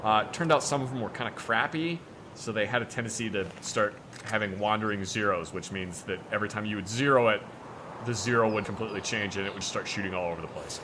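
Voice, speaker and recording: A man's voice: fairly low pitch, fast talker, background noise. A man in casual chat while playing a game, explaining guns at length and swearing casually. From United States. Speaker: gaming video host.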